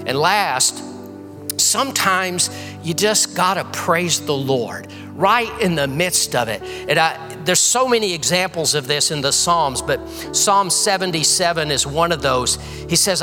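High, bright-voiced preacher in a hall. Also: male voice, lively intonation, normal speed. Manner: earnest preaching, reading scripture aloud. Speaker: pastor. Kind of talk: sermon. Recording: echoey hall with faint music.

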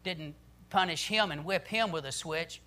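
A man's voice: on the high side, moderate pace, pushed and bright. A man voicing an aggrieved young farm boy in a joke, in a plaintive storytelling voice.

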